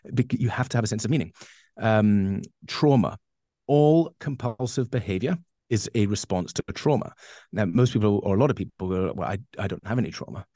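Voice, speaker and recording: Deep-voiced man coaching, dry sound. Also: normal speed, warm tone, no echo. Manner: rambling, emphatic, with many fillers and restarts. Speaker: guest coach. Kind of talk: conversational interview answers.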